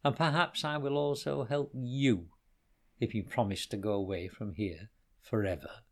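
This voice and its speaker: A man voicing a calm, brave male ninja who speaks in a firm, measured way. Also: medium pitch, natural voice.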